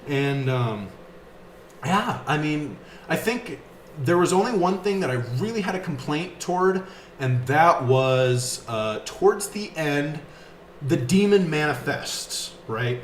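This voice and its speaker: A man giving a casual, enthusiastic video review of a film, talking like an excited fan. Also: fairly high pitch, unhurried, roomy sound, a little hiss or hum. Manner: enthusiastic, animated fan talk with fillers.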